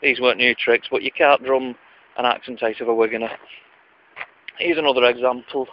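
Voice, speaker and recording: Rambling Wigan storyteller outdoors. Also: male voice, mid-range voice, fairly even intonation, brisk, lo-fi sound. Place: outdoors at night.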